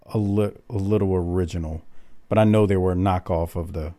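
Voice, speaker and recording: Laid-back podcast host, low voice. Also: male voice, brisk, no echo. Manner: relaxed, laughing banter. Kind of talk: casual chat.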